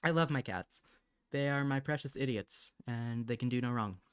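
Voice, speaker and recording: A woman's voice: extremely low pitch, normal speed, smooth, no room sound. A woman live streaming while she draws, chatting casually, muttering to herself as she works and sometimes gushing to her cat, recorded on a desk microphone at home.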